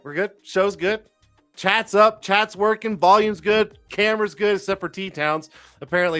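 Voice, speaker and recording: High, bright-voiced man hosting a live stream. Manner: loose, profane and jokey, with many fillers and restarts. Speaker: livestream talk show host. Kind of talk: casual live-stream chat.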